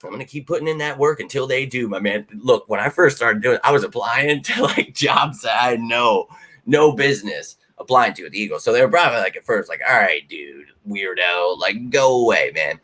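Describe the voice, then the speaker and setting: A man hosting a live fan Q&A stream, excitable and rambling, swearing freely as he answers viewers. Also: mid-range voice, a little fast. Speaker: fan channel host. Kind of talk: live Q&A chat.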